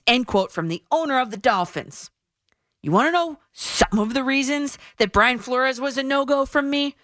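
A woman's voice: mid-range voice, fairly bright tone, dry recording. A woman hosting a sports radio show, giving her opinions in a punchy, emphatic way into a studio microphone.

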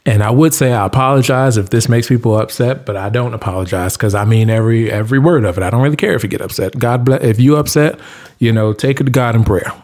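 A man in a casual monologue hands out hygiene and cleaning tips with blunt, preachy insistence. His pitch sits in the middle, and he drives points home by repeating short commands, in loose informal speech. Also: fast talker, a little mellow. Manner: blunt, preachy, emphatic repetition. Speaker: vlogger giving tips.

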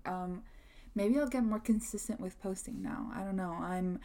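A woman's voice: mid-range voice, moderate pace, dark tone. A young adult woman hosting her own podcast, chatting casually and rambling with lots of filler words. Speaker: podcast host. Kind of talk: casual solo podcast chat.

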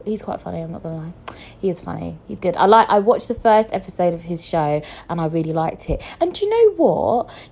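A young woman chatting casually to camera as a vlogger, excitable and quick to laugh and swear. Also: medium pitch, husky. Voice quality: visually impaired speaker.

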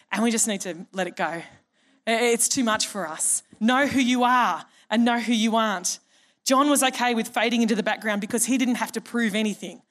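A middle-aged woman pastor, preaching a conversational, humorous sermon and acting out the people in her stories. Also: fairly high pitch. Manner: conversational and humorous, acts out quoted voices.

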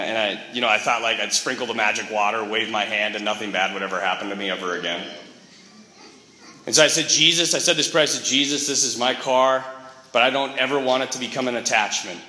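A man, a Catholic priest, preaching a sermon as an animated storyteller with quick asides and acted-out quotes. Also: on the low side. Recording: echoey church with long reverb.

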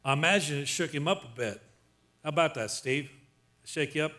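A man preaching in a fairly high voice, emphatic and rhythmic. He reads scripture slowly and dramatically, then calls on the congregation to say the lines back to him. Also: pushed and bright. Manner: slows for dramatic scripture reading. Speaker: pastor. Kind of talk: sermon.

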